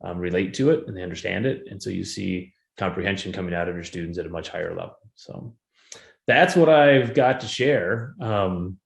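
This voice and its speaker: A man's voice: sits low, moderate pace, creaky. A man who teaches giving a conversational conference presentation about how his classes use their textbook. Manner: conversational, animated when retelling anecdotes. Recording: roomy echo.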